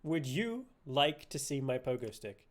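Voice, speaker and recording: A man's voice: mid-range voice, big pitch swings, a little slow. A man live-streaming a game, cracking silly jokes and laughing. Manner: joking, giggly, silly asides.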